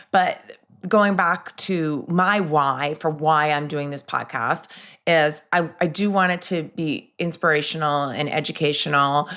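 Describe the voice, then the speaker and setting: A middle-aged woman talks on her own podcast in a lowish voice. She sounds upbeat and chatty, and she often restarts her sentences and drifts into asides. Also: fairly bright tone. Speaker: podcast host. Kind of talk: solo podcast chat.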